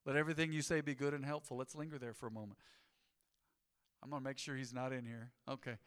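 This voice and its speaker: A middle-aged man preaching a sermon as pastor, telling stories in an animated way with rising emphasis. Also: medium pitch, clean tone. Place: church sanctuary. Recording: long hall reverb in a sanctuary.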